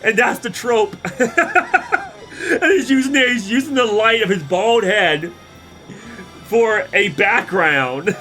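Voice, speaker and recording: A high, bright-voiced man reacts to a game on stream, giggling helplessly to the point of tears. He has the flu, so coughs break through his laughter. His speech is slow and swings widely in pitch. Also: animated, soft background music. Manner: giggly, laughing until tearing up. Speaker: let's play streamer.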